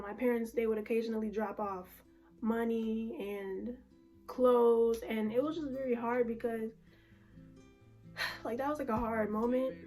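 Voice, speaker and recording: A woman's voice: on the high side, a little mellow. A young woman vlogger telling a personal story in a casual, emotional, slangy way with lots of fillers. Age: young adult.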